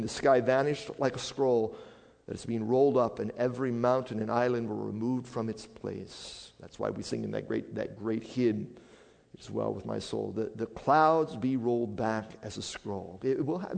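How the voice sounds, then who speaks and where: A man preaching a sermon as a pastor, swinging from hushed, quiet passages up to loud, emphatic declarations. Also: medium pitch, moderate pace, gravelly. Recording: long hall reverb.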